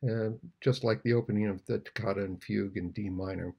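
An older man giving an unhurried, thoughtful music lesson, sometimes singing out rhythms. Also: fairly low pitch, steady tone, creaky, slightly rough, dull audio. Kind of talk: relaxed video lesson on music.

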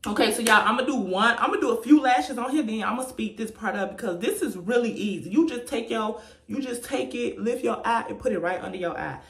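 A woman's voice: a little high, fairly quick, gravelly, few pauses. A young adult woman talking to her viewers in a casual makeup tutorial, chatty and laughing often. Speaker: vlogger. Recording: echoey room, faint noise.

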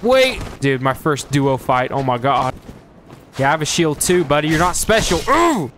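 A man giving live gameplay commentary, excitable and joking, who trash-talks enemies and yelps and shouts at the game. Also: mid-range voice, moderate pace. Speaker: streamer playing a video game. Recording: noticeable background noise.

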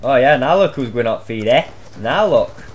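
A young man giving loud, swear-filled live commentary on his own gameplay, shouting out reactions as he plays. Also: medium pitch, lively intonation, moderate pace. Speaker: gaming channel host.

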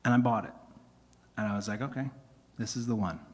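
Heard on a live concert stream with long hall reverb, a singer-songwriter stands on a music venue stage telling casual stories between songs. He rambles and cuts himself off. His voice is lowish, husky, and darkish in tone, tired from singing, and he talks fairly quickly.

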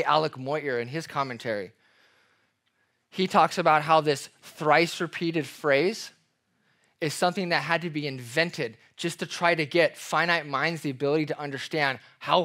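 Guy pastor giving a sermon, kinda high voice, acts out little examples, lively delivery. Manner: expressive preaching, reads scripture aloud with emphasis.

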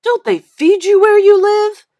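A woman voicing a mean, sly schoolboy bully in a storybook reading, yelling and sneering. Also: very high voice, lively intonation, moderate pace, pitched above the performer's own voice. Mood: jeering.

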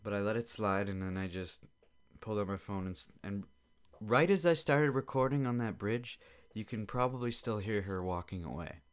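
A man's voice: on the low side, lively intonation, normal speed. A young man hosting a podcast from his basement, rambling and swearing through an irritated casual rant. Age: young adult. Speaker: podcast host. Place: home basement.

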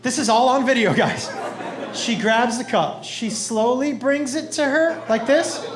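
A male stand-up comedian telling animated, crude stories on a club stage into a handheld mic. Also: very high voice, unhurried, noisy background. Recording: echoey comedy club with loud crowd.

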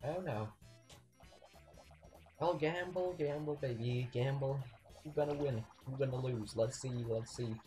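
A young man commentating his own gameplay, excitable, swinging between yelling and muttering at the game. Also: mid-range voice, a little slow, long pauses, soft background music. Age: young adult. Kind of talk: let's play commentary.

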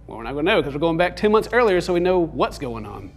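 Young guy rambling through a mobile game, goofy, cracks himself up, kinda high voice. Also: very animated, fast talker, faint music behind. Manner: goofy, rambling, self-amused. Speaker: gaming video host. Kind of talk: casual let's play commentary.

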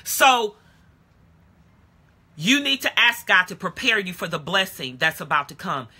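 A woman preaching a live-streamed sermon in a casual, call-and-response way that swings from low talk to shouted praise. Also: very animated, a little slow. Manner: casual street-talk phrasing. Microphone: phone or webcam live stream.

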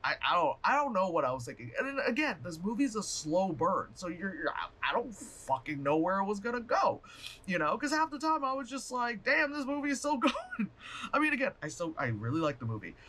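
Dude rambling thru a movie review, swears a lot, high bright voice that jumps all over. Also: male voice, a little fast. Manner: animated, profane, rambling with fillers and laughs. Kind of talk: casual movie review vlog.

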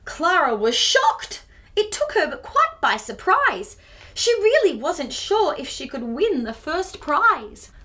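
A children's storyteller, a woman, reads a picture book aloud to kids and adds chatty asides full of gasps and giggles. Her very high-pitched voice is slow and sharp-toned, with big pitch swings.

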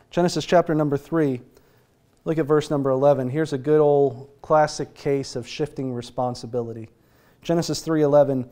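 A man's voice: on the high side, a little mellow. A man with an American accent preaching a conversational sermon as pastor, asking rhetorical questions and chuckling now and then.

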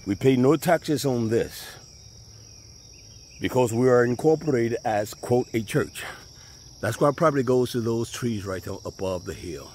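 Birds and insects hum faintly as a man walks beside a pond, giving a folksy, conversational tour of his land in Southern US speech. His medium-pitched voice is a little mellow, measured in pace, with lively intonation.

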